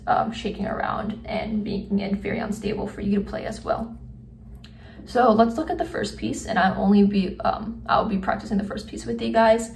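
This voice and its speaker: A woman's voice: mid-range voice, vocal fry, far from the mic. Young woman teaching a drum part. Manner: counts beats aloud while drumming; relaxed, many fillers. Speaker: student drum instructor. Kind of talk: casual instructional demo. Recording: echoey room, off-mic, faint noise.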